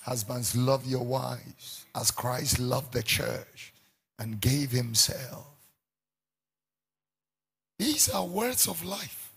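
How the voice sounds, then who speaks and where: Gravelly preacher man. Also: medium pitch, drawn-out words, pauses often. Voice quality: gravelly, very husky. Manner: animated preaching, switches between English and Pidgin, bursts into shouts and song. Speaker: pastor. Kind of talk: sermon.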